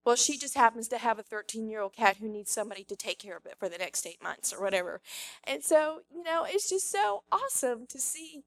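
Woman, high voice, dry close sound; rambling, excited church testimony. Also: a little fast, dry recording. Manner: rambling, excited, full of fillers. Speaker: church member giving a testimony. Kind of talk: spontaneous testimony.

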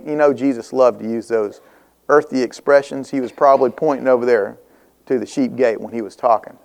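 A man preaching a sermon as pastor, quoting scripture with rising emphasis and rhetorical questions, and dropping to a soft, slow tone when he turns personal. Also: fairly high pitch, clear, resonant tone. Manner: drops to soft, slow reflection in personal parts.

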